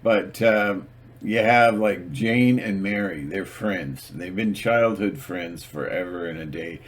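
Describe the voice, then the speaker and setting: A man's voice: low-pitched, slow. A man telling stories in a casual, rambling monologue, hesitant and full of fillers, acting out little skits as he goes. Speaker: channel host.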